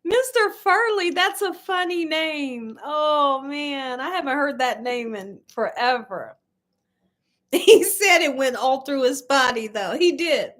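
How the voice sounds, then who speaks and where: Woman, middle-aged, livestream host, high voice, very expressive pitch, laughs often while chatting. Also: takes it slowly. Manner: chatty storyteller, laughs often, addresses viewers as y'all. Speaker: cooking channel host. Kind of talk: casual livestream chat, reading viewer comments.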